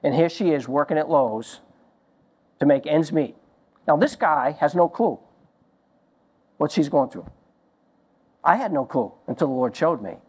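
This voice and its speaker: A man preaching a sermon as a pastor, telling stories in slow, emphatic phrases. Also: fairly high pitch, lively intonation, a little mellow, breathy edge.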